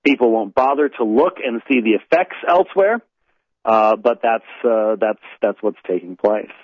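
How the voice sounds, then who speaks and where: A man's voice: fairly low pitch, sing-song, normal speed. This is an American man hosting a call-in radio show, drifting through casual chat full of "uh"s and restarts. His voice comes over a tinny, phone-like line with a dry, close sound and no room echo. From United States. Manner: rambling, many fillers and restarts. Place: indoors in a home in north London.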